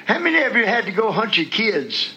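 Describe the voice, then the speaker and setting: A man preaching a sermon, going from quiet scripture reading to shouted praise and talking folksy and direct to the congregation. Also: high voice, very animated, a little fast, lo-fi sound, a little hiss or hum. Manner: folksy, talks straight to the congregation.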